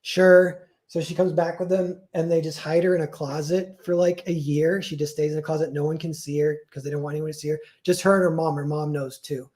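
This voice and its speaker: A man's voice: a little high, fairly even intonation, quick pace, hardly any pauses, a little mellow. Rambling casual storytelling man. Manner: rambling, full of "like" and self-corrections. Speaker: streamer.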